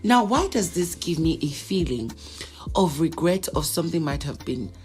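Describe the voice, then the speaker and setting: A woman's voice: low voice, sing-song, normal speed, a little mellow. A woman vlogger giving a casual, dramatic recap of reality-TV gossip, acting out the people she quotes.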